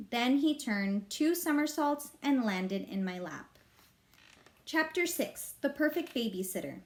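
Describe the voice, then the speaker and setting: A woman reading a children's novel aloud, with expressive, lively narration. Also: a little high, a little slow. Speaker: reader.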